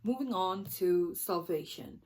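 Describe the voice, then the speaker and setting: A woman with a fairly low voice discusses a book at a slow, unhurried pace. She talks in a casual, thoughtful way, pausing to search for words and often backing up to restart a phrase. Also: lively intonation. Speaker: book vlogger.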